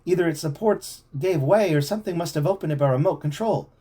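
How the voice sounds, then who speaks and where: A man's voice: fairly high pitch, fast talker, dark tone, slightly rough, voice pushed up. A man reading aloud, voicing a bold, eager teenage boy detective. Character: bold adventurous teen boy Joe.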